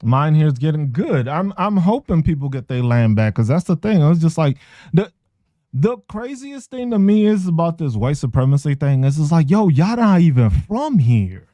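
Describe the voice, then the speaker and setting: Man, podcast host, profane rant, laughs often, mellow voice, dry close sound. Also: a little high, very animated, normal speed, dry recording. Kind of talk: casual ranting monologue.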